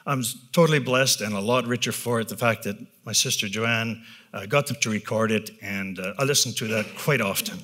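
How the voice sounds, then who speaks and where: A man's voice: fairly low pitch, pushed and bright. Candid man speaking to a live audience. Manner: candid, self-deprecating, with frequent tag "right?"; rambling, with restarts and filler pauses. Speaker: business leader giving a talk. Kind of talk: personal talk to a live audience.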